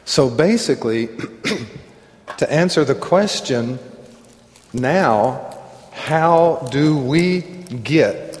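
A man preaching a sermon as pastor, talking conversationally with asides and frequent throat clearing. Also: mid-range voice, darkish tone, big-room sound.

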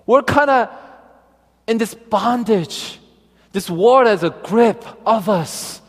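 A man's voice: sits high, lively intonation, takes it slowly. A man, a pastor, preaching a sermon in an earnest, personal way, telling his own story and quoting scripture. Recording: long hall reverb.

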